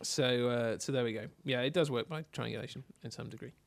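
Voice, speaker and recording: A man's voice: mid-range voice, vocal fry, no room sound, clean studio sound. A man hosting a casual tech podcast, jokey and fond of puns. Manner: jokey, punning, quick asides. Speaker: podcast host.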